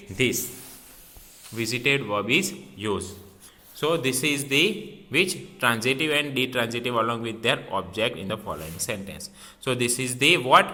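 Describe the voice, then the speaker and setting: A man's voice: medium pitch, bright, forceful tone. A man teaching a grammar lesson, repeating key words and asking and answering his own questions. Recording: long reverb in a hall.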